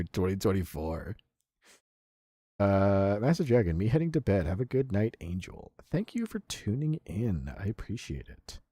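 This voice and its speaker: A young man on a livestream reacting to clips, swearing freely and breaking into laughs. His lowish voice swings widely in pitch, with a husky, slightly breathy edge. The sound is close and dry. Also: no echo. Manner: profane, excitable, laughs often. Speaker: streamer. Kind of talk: casual livestream reaction commentary.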